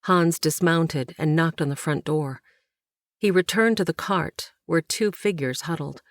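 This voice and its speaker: An audiobook narrator reads a historical novel in measured, even scripted narration. Her voice sits low for a woman, and the recording is dry and close with no room sound.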